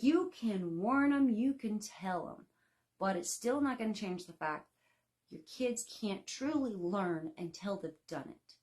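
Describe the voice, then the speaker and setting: A woman in her thirties talks to her online class from home in a loose, folksy way, full of fillers and easy asides. Her pitch sits in the middle range, and her chat rambles along like she's talking to friends. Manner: chatty, folksy, frequent laughs and fillers. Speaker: baking instructor. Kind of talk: casual live-class talk.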